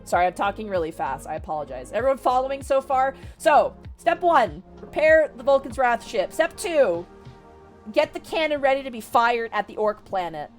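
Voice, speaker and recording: A young woman with a somewhat high voice rattles through a story recap for her stream chat, excitable and quick, swearing and laughing as she goes. Faint music plays underneath her. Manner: excitable, rapid, swears freely, laughs mid-sentence. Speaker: VTuber streamer. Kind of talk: casual retelling of a novel to a stream chat.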